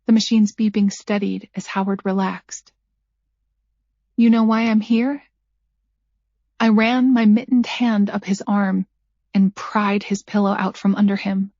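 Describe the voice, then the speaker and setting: A woman narrating a first-person thriller audiobook at a measured pace, her character's lines dryly sarcastic. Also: medium pitch, fairly even intonation, a little mellow, dry recording. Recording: dull lo-fi dry recording.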